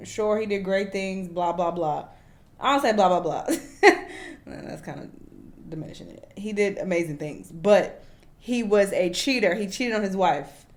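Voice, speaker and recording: A woman's voice: medium pitch, unhurried, a little mellow. A woman host talks through a casual reaction video, blunt and chatty. She speaks her mind plainly, in a mid-range voice.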